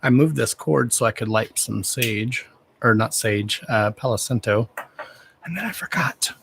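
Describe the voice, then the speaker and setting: A man's voice: lowish voice, steady tone, measured pace, vocal fry, noisy background. Guy ranting on a livestream, cussing a lot but sweet to his fans, talking into a phone or webcam. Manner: blunt, profane, affectionate toward viewers. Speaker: livestream host. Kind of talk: casual livestream chat.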